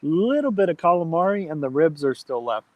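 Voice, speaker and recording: A man's voice: a little high, sing-song, a little fast, no echo. Chatty man, dry close sound. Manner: chatty, reads chat aloud, friendly shout-outs. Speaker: live-stream host. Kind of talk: casual live-stream chat. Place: outdoors at a campfire.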